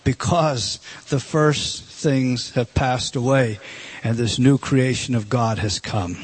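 Slow and husky, a man delivers an earnest, emphatic sermon, often sinking into a low, soft tone to press a point.

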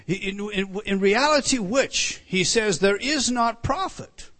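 A man preaching a sermon, teaching through a text with frequent restarts and repeated words, building to loud emphatic lines and dropping to soft asides. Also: high voice, unhurried. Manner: animated teaching, many restarts and stammered repeats.

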